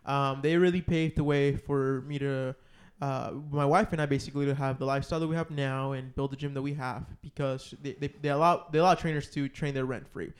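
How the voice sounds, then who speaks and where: A man's voice: mid-range voice, steady tone, fairly quick, hardly any pauses, clear, resonant tone. A man hosting a podcast as a personal trainer in casual chat, rambling and restarting his sentences.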